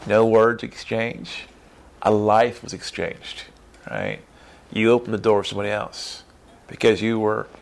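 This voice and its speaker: A man preaching a lively sermon, acting out churchgoers in quick character voices and tagging lines with "right?". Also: lowish voice, creaky. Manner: acts out church members in character voices, says "right?" often. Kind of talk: animated sermon.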